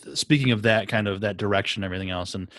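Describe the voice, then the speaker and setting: Low-voiced, hesitant male interview host. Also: racing, fairly bright tone, no echo, studio quality. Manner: hesitant, many fillers and restarts when asking. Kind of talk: conversational interview.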